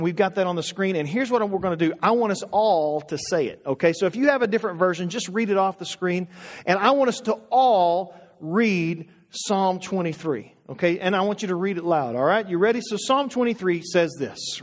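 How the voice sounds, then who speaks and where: A middle-aged man preaches with a notably high voice, pressing his congregation to repeat after him. His fervor climbs as he goes on. The sound carries a long reverb, as in a large hall. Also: a little fast. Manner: preaching with rising fervor, calling the congregation to respond. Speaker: pastor. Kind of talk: sermon.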